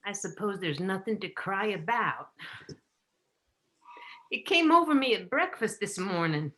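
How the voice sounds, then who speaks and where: A woman playing a middle-aged mother of the bride, speaking in a wistful, hushed, heartfelt way over a video call. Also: mid-range voice, expressive, a little slow.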